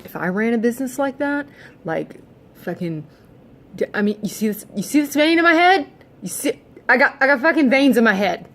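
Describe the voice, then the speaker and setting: A woman's voice: high-pitched, expressive, fast talker, a bit bright. A woman venting in a casual vlog, exasperated and heavily profane, sighing often. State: fed up and irritable. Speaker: vlogger.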